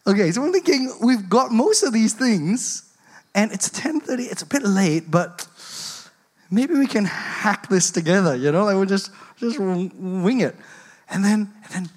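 Unhurried, animated speaker telling a parenting story to an audience of parents. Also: mid-range voice, husky. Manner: animated, laughs through the story.

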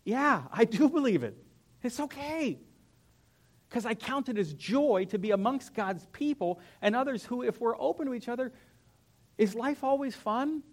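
A young male pastor with a fairly high voice gives a lively, conversational sermon in a church. His delivery swings between quiet, reflective passages and sudden energetic peaks. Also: moderate pace. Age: young adult. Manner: animated, conversational, acts out whiny voices. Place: church sanctuary.

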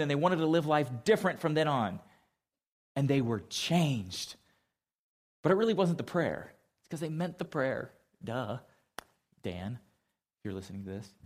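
A man preaching a conversational sermon as pastor to a church congregation, casual and emphatic, quizzing the audience. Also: a little high.

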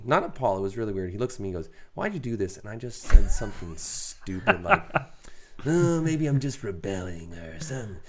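A man co-hosting a faith podcast, telling a candid, self-deprecating personal story in casual conversation. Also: on the low side. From raised in a Mennonite Brethren community. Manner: candid, self-deprecating, animated when quoting others. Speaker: podcast co-host.

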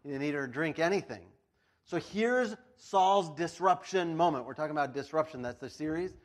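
High-voiced, chatty male preacher. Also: lively intonation, moderate pace. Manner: chatty, laughs often, lots of "like"; storytelling, acts out voices. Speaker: pastor. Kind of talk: casual sermon.

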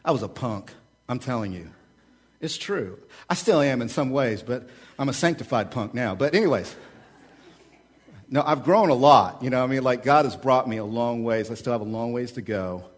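A man preaching a sermon as a pastor. He swings between loud, urging calls and quiet asides, and repeats key phrases as a refrain. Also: mid-range voice, expressive, moderate pace.

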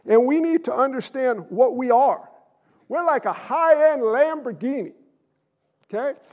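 A man preaching a sermon to his congregation, asking rhetorical questions, swinging between quiet asides and shouted emphasis, and sounding winded. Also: extremely high pitch, animated, measured pace. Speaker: pastor. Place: church sanctuary.

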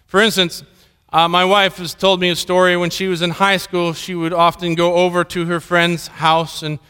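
A middle-aged preacher delivers a sermon in a high, bright, crisp voice. He slips into storytelling and acts out the voices of the people in his anecdotes. His words ring out with a long reverb in a large hall. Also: level tone, normal speed. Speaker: pastor.

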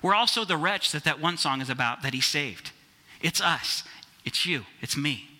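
Male pastor, conversational sermon delivery, fairly high, very bright tone. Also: expressive, normal speed. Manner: conversational, addresses listeners as guys.

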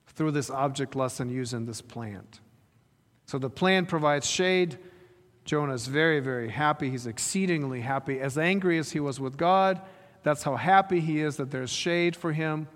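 A man preaching a sermon, retelling a story and pressing his listeners with rhetorical questions. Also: fairly high pitch. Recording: reverberant hall.

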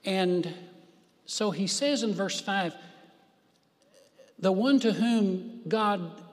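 A man's voice: high-pitched, in a large hall. A man preaching a sermon, stressing words by drawing out his phrases. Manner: emphatic, drawn-out phrases for stress.

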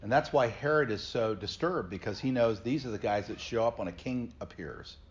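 A man's voice: mid-range voice, moderate pace. A middle-aged man, a pastor, teaching a Bible study class and explaining scripture earnestly to his group. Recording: slightly dull lo-fi recording.

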